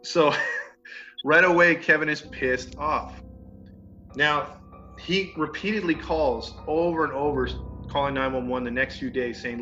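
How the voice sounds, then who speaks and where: A man's voice: a little high, measured pace. Slangy man telling a crime story. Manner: animated, slangy, acts out quotes. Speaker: podcast host telling a true crime story. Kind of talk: casual storytelling. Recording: dull lo-fi sound with faint music.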